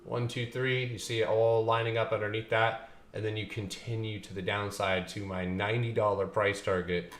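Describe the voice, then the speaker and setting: A man's voice: fairly low pitch, little pitch movement, normal speed. A man hosting a stock trading livestream, chatting loosely with viewers, joking and swearing as he walks through charts. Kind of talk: casual market commentary. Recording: echoey room with faint ambient noise.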